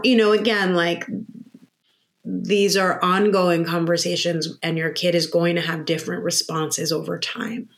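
A woman's voice: lowish voice, little pitch movement, unhurried. Woman giving direct parenting advice. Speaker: parenting expert guest.

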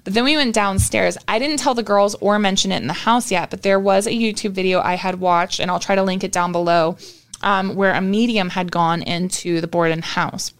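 A woman's voice: mid-range voice, fairly even intonation, brisk, smooth. A young woman co-hosting a podcast, telling a story in casual chat with lots of swearing. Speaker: podcast co-host.

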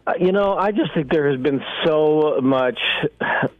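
Man on a tinny phone line, relaxed, rambling, dry. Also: on the high side, measured pace, dry recording. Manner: rambling, relaxed, frequent fillers. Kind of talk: casual radio call-in chat.

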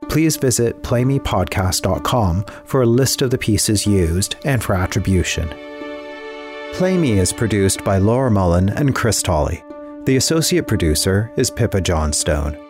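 A man with a Canadian accent reading the closing credits of a podcast in a measured, formal way. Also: on the low side, expressive. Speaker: podcast announcer. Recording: voice over music bed.

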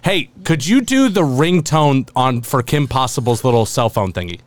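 Man, podcast host, casual chat, lively pitch, argumentative, swearing. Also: moderate pace, dry recording.

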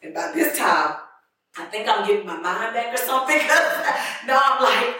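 A woman's voice: on the high side, very animated, moderate pace, bright, forceful tone, a little hiss or hum. A woman giving an earnest, emotional personal testimony in a conversational way. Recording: distant mic in echoey room.

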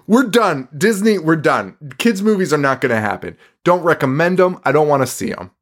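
Animated, profane man on a podcast. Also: a little high, normal speed. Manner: profane, sarcastic, laughs often. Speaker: podcast co-host. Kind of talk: casual chat.

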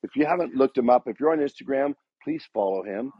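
A man's voice: medium pitch, animated, fast, slightly rough, no echo, muffled recording. A man giving a motivational talk to a sales team, rousing the room with repeated rhetorical questions. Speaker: speaker addressing a dealership sales team.

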